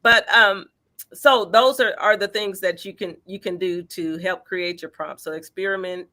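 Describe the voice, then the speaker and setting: A woman, a featured artist, answering interview questions in a lively, encouraging way with everyday examples. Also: mid-range voice, moderate pace.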